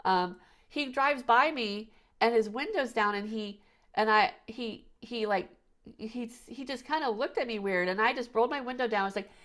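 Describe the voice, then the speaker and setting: A woman's voice: on the high side, normal speed, fairly bright tone. A woman hosting a podcast, chatting casually and telling rambling stories with frequent restarts and "you know"s. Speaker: podcast host. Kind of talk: casual conversational chat.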